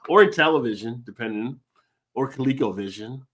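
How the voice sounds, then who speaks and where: A man's voice: mid-range voice, expressive, brisk, a bit bright. An American man hosting a casual live-stream chat over beers, rambling and laughing often. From United States. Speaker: host.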